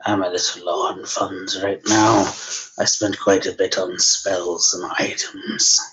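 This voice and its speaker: Player with a low, slow, measured voice; steady noise behind. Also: low-quality recording. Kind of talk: casual tabletop game play.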